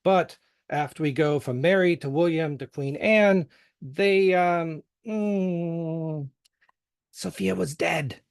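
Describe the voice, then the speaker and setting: A man's voice: a little high, slow, clear, resonant tone. A middle-aged American man with a faint Western Pennsylvania accent, a history podcast host giving a casual, joking conference talk full of fillers. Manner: joking, self-deprecating, many fillers.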